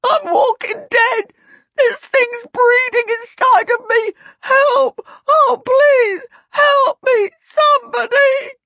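A woman's voice: extremely high pitch, fairly even intonation, slow pace, fairly bright tone, no echo, voice pushed up, exaggerated voice. A woman voicing a terrified male kobold who screams and blubbers for help. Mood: wailing terror. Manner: screaming, sobbing cries. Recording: dull lo-fi recording.

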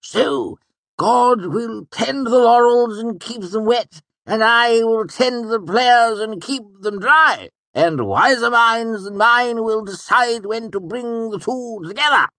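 A man voicing an excitable, short older nobleman who talks animatedly. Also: extremely high pitch, slow, no room sound, pitched above the performer's own voice, exaggerated voice. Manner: giddy, animated, gesturing wildly.

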